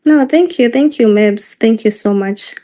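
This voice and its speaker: A woman's voice: a little high, a little slow, mellow. A woman with a Kenyan accent moderating a live online discussion, insistent and emotional, mixing Swahili phrases into her English. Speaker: moderator of a live audio space.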